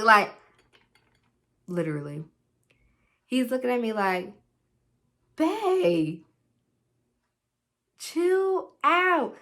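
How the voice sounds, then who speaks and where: A young woman telling a dramatic storytime on her vlog, animated and leaning on "literally" and "like". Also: medium pitch. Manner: animated, dramatic retelling with put-on quoted voices; repeats "literally" and "like" constantly. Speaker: vlogger.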